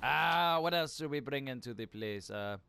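A man's voice: medium pitch, animated, normal speed, gravelly, pushed and bright, clean tone. A young man giving casual let's play commentary, profane, exasperated and joking. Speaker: gamer.

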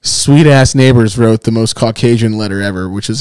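A man co-hosting a casual podcast, telling animated, profanity-laced stories. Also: medium pitch, normal speed, smooth, dry recording. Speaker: podcast co-host.

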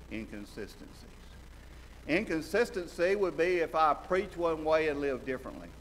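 A man from central Alabama, preaching a sermon, swinging between loud exclaiming and low quiet asides. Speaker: visiting preacher. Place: church sanctuary. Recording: church hall reverb with faint noise.

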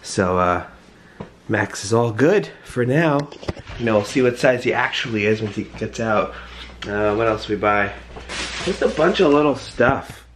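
A young man with a hoarse, sick voice, chatting casually in a morning home vlog and clearing his throat often. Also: lowish voice, lively intonation, measured pace, a little hiss or hum. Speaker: vlogger.

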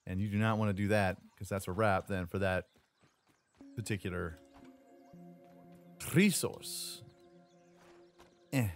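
A man's voice: deep voice, level tone, brisk, faint music behind. A man giving casual, jokey commentary while playing a survival building game, often taunting the creatures he fights. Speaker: gaming YouTuber.

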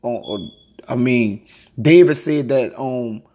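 Speaking at medium pitch with a dark tone, this man teaches the Bible in a fast, casual lesson. He reads verses aloud and keeps dropping "man" and "all right" into his talk.

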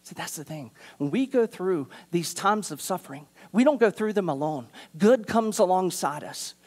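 A man pastor preaching a sermon in a church, earnest, moving from urgent appeals to hushed, quiet passages. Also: sits high. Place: church sanctuary.

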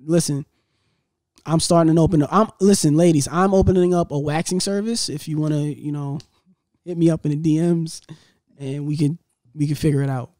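High-voiced man joking on a podcast. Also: fairly quick, dry recording, studio quality. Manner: animated, joking, laughs often, storytelling. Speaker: podcast co-host. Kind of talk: casual chat.

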